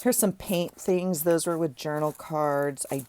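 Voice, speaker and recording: A woman vlogger with a deep, slightly slow and somewhat mellow voice chats casually while tidying her desk and sorting journaling supplies. She rambles, keeps the talk light, and corrects herself as she goes.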